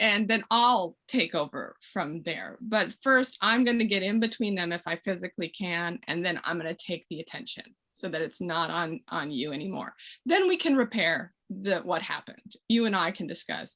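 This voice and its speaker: Woman, parenting educator, conversational webinar, animated storyteller. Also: on the low side, moderate pace. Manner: lively, acts out little scenes with voices.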